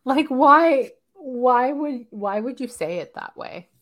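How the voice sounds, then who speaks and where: A woman's voice: high-pitched, expressive, slow, fairly bright tone. A woman co-hosting a podcast, chatting casually with dry, teasing remarks. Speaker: podcast co-host. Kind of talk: casual chat.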